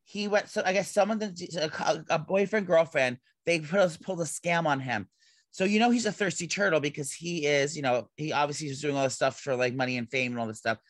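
A man co-hosting a casual gossip podcast, rambling and excitable, swearing casually. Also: fairly high pitch, fairly quick, no room sound. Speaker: podcast co-host.

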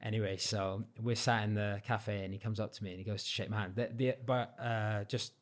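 A man's voice: lowish voice, a little fast. A man, a podcast guest telling a story in casual chat and acting out the dialogue in it. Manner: animated, acts out quoted dialogue.

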